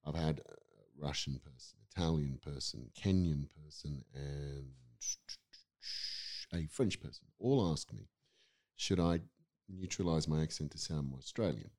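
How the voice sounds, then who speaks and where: Middle-aged male guest with a very low voice, reflective and rambling in casual talk. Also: unhurried, darkish tone. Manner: thoughtful, rambling with restarts. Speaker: guest, acting teacher. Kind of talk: casual podcast conversation.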